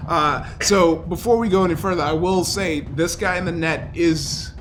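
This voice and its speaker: A man's voice: fairly high pitch, moderate pace, a bit bright, a little hiss or hum. A man running a tabletop game as game master, narrating loosely with lots of fillers and laughs.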